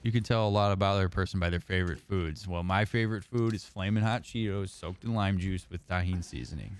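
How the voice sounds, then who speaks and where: A man from Indiana, a therapist by trade, streams a game while chatting casually and answering messages from his chat as they arrive. His voice sits low and is smooth, and he talks fairly quickly.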